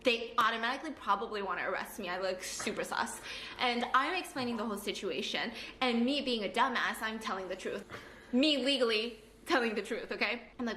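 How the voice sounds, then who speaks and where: Bright-voiced woman telling a story. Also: fairly high pitch, slight background noise. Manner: animated and fast, acting out her parents and a police officer. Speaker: storyteller in a played clip. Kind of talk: casual storytelling. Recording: echoey room.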